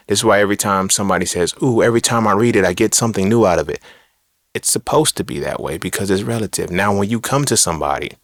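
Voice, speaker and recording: A man's voice: low voice, fairly bright tone, no room sound, studio quality. A man hosting a podcast, giving a blunt, profane, preachy monologue full of rhetorical questions. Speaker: podcast host. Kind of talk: casual monologue on philosophy and religion.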